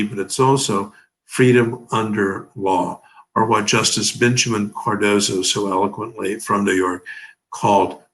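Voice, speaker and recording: A man's voice: fairly low pitch, a bit bright, low-quality recording. A man in his seventies giving emphatic, oratorical legal commentary as an interview guest, leaning on rhetorical questions. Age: 70s.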